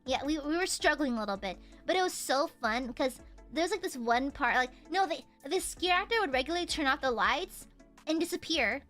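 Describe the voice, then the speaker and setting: A woman streamer telling a story in casual chat, animated, laughing often and swearing casually. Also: high-pitched, fairly quick, faint music behind.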